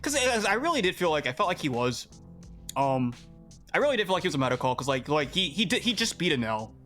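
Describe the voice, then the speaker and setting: A young man, a podcast guest, telling a story in casual chat, animated and exasperated, often repeating himself. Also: a little high, fast, soft background music.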